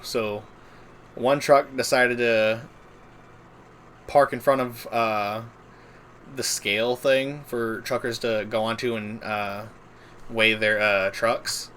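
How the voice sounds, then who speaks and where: A man's voice: medium pitch, a little slow, long pauses, fairly bright tone, a little hiss or hum. A man streaming a game, telling a long story casually, with lots of filler words and swearing. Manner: rambling, filler-heavy, profane. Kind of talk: casual storytelling while gaming.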